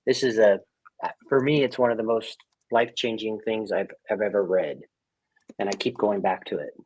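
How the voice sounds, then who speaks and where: A man's voice: on the low side, moderate pace, a little mellow, husky, poor audio. A man hosting an online stream, talking casually and enthusiastically with frequent fillers. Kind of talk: casual chat.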